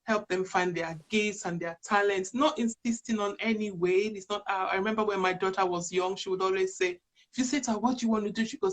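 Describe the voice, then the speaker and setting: As an interview guest, a woman in her fifties who runs a charity shares earnest stories, wandering off on tangents along the way. Her medium-pitched voice stays steady, and she speaks at a quick pace.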